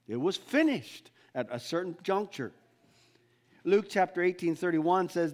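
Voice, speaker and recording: High-voiced man preaching earnestly. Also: normal speed. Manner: earnest, searching, with frequent restarts. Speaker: pastor. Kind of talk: sermon.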